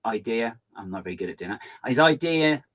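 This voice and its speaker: A man hosting a live stream, chatting in a fast, hyper, rambling way while he reads out viewer comments. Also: deep voice, steady tone, husky.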